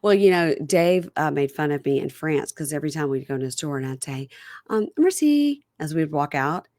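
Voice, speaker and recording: Woman podcast host, low-ish voice, dry close mic, playful recap chatter, mimics voices. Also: a little fast, no room sound. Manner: animated, acts out quotes in funny voices. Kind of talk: casual chat recapping a reality show.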